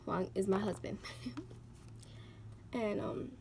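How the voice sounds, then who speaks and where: Taking her time in a creaky, medium-pitched voice, a young woman vlogs a personal story about her life. She's emotional and animated, leaning on "like" and performing quotes, over a slight hiss or hum.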